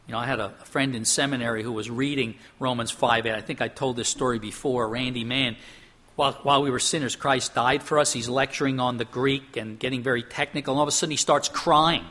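A middle-aged man preaching a sermon, earnest, climbing high for emphasis and dropping soft and low on solemn points. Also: steady tone, fast. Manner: earnest, rises in pitch for emphasis and drops softly for solemn points. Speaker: pastor.

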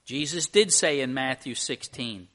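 A middle-aged man preaching a sermon, telling a story with lively, rising emphasis. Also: medium pitch, measured pace.

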